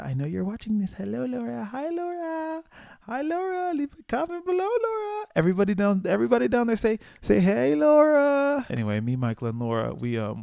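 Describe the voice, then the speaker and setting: Young southern guy rambling on his podcast, gravelly, dry close sound, swears a lot. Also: no echo. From American South. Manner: animated storyteller, swears freely, acts out quotes in high voices. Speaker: podcast host. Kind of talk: casual solo podcast chat.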